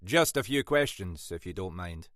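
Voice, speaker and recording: A composed Scottish detective inspector, courteous and quietly wry, voiced by a man in a low register. His Scottish accent runs through every line, and his delivery stays dry and close to the mic. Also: lively intonation, normal speed, no echo.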